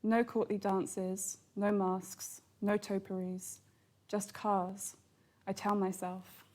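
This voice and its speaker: A woman, the author, reading aloud from her novel at a bookshop event in a calm, even voice. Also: mid-range voice, takes it slowly. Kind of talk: literary reading.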